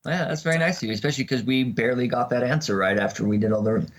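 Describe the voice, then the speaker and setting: A man's voice: medium pitch, rapid-fire. A man guesting on a casual podcast, playful and thinking aloud.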